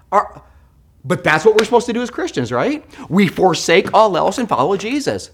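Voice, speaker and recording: A man preaching a sermon in church, animated and joking, swinging between loud outbursts and hushed asides. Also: high voice, a little fast, slightly rough. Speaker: pastor.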